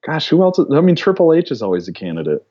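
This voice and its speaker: A man as a podcast guest, talking casually in a relaxed way and laughing often. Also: fairly high pitch, fast talker, slightly rough. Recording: dull lo-fi mic.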